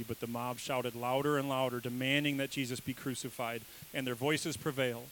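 A man preaches a sermon in a relaxed, conversational way at an ordinary pitch. He keeps checking in with his listeners and jumps into quoted voices with sudden emphasis. A faint hiss sits under the recording. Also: fairly quick, hardly any pauses, rough recording. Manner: conversational, asks the congregation questions. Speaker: pastor.

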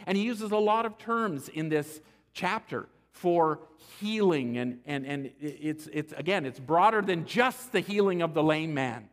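Male pastor, slightly high voice, slow, emphatic sermon delivery, long echoing hall. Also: expressive. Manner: emphatic, deliberate preaching with repeated restarts. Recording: long church-hall reverb.

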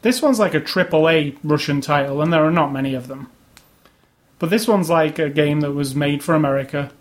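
Guy rambling about games, kinda high voice, opinionated, lots of restarts. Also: fairly quick. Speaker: podcast co-host reviewing games. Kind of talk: casual chat.

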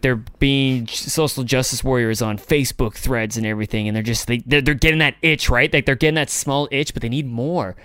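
A young man with a smooth, resonant voice, recorded close and dry. He co-hosts casually, riffing and working himself up into animated rants with repeated words. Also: mid-range voice, a little fast, few pauses, no echo. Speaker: podcast co-host. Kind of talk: casual chat.

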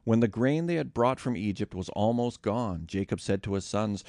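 Gravelly-voiced man reading scripture. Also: on the low side, normal speed, dark tone, no echo, clean studio sound. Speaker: scripture reader.

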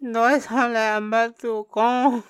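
A young man putting on an overdone Pakistani accent, pitched high and whiny, as a joke on a podcast. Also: flat delivery, normal speed, a bit bright, clear, resonant tone. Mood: mock serious. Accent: put-on Pakistani.

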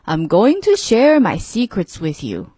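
A woman voicing a wise old male toad grandfather in a storybook reading, speaking calmly and firmly. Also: medium pitch, a little slow, slightly rough, no echo, clean studio sound, exaggerated voice.

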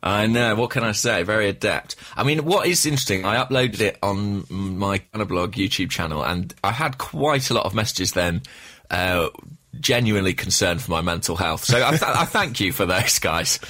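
A man with a lowish, bright and forceful voice banters on a podcast. He jokes about himself easily and keeps the talk light. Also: animated, normal speed. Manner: jokey, self-mocking. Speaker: podcast co-host. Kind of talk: casual chat.

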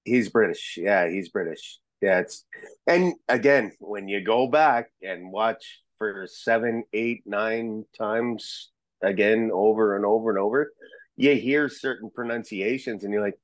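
A man chatting as a podcast guest, an excitable storyteller who rambles and restarts his sentences. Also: lowish voice, unhurried, dry recording. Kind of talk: casual chat.

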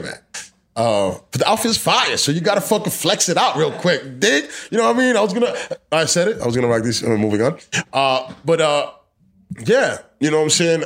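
Young male podcast host, casual and profane, mid-pitch voice, recorded outside in the cold. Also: fairly quick. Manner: loose, profane, animated rants with slang. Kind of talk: casual chat. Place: outdoors in the cold.

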